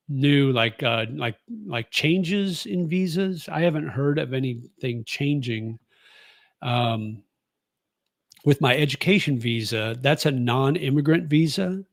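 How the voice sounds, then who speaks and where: A man's voice: medium pitch, slow pace, dry recording. A man in his sixties from the United States, chatting casually as a vlogger and answering viewer comments in a rambling, easygoing way. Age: 60s. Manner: rambling and easygoing, with many fillers and restarts. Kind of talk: casual chat.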